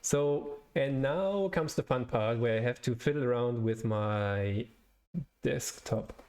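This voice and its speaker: A young adult man live-coding on a stream, talking his way through the code in a hesitant, self-correcting way, pausing to search for words. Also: mid-range voice, darkish tone, clean tone. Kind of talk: thinking aloud while programming on a livestream.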